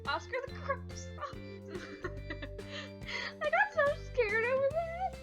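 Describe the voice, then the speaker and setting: A woman's voice: very high voice, very animated, extremely slow, over music. A young woman vlogging casually from her bedroom, telling rambling stories with lots of giggles. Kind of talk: casual storytelling to camera. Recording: slightly dull lo-fi home recording.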